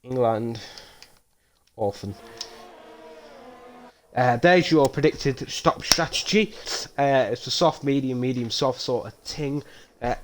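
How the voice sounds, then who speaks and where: A man commentates a live-streamed race in a loose, rambling, self-mocking way. His voice sits at an ordinary middle pitch and gets loud and excited when cars crash. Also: slight background noise. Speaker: sim racing league commentator.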